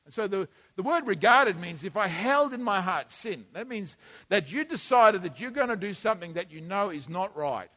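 A man preaching a sermon in a conversational way, shifting between quiet asides and emphatic bursts. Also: high-pitched, expressive, normal speed. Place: church hall. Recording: long hall reverb.

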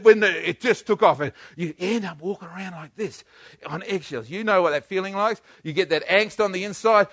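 An older man preaching a sermon, swinging from hushed to loud. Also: high voice, no room sound. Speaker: pastor.

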